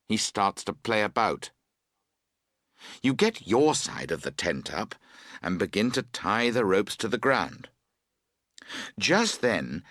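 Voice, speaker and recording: Slow, expressive male storyteller. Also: fairly low pitch, no room sound, clean studio sound. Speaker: audiobook narrator. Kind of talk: scripted narration for English learners.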